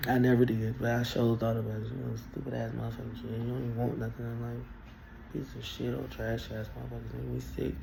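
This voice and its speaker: A woman's voice: very deep voice, little pitch movement, fast, vocal fry, mellow, soft background music. A woman telling a story in a casual, blunt and profane rant that rambles along. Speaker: vlogger.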